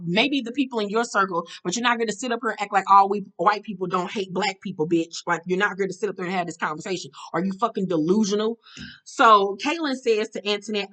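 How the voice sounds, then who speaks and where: A woman's voice: mid-range voice, fast, fairly bright tone. Blunt, profane woman vlogger. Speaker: vlogger recapping a reality show. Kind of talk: casual storytelling recap.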